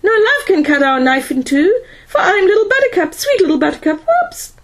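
A woman voicing a giddy, babbling male robot that sings nonsense in a high sing-song. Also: sing-song, normal speed, exaggerated voice. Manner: sing-song, silly, giggling. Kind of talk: audiobook character voice.

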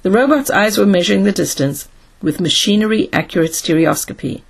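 A woman narrating a science fiction audiobook with steady storytelling. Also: mid-range voice, fairly quick, creaky, slightly rough.

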